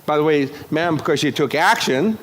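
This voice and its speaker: Man, motivational speaker, live keynote, lively and jokey, slightly high voice. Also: normal speed, slight background noise. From United States. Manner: energetic, jokey, crude asides, acts out characters. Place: conference stage before a live audience.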